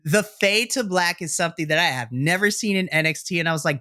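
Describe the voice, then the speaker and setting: A young man co-hosting a wrestling podcast, recapping a show as an excitable storyteller who swears and acts out reactions. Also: on the high side, fast talker, few pauses, no echo, studio quality. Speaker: podcast co-host.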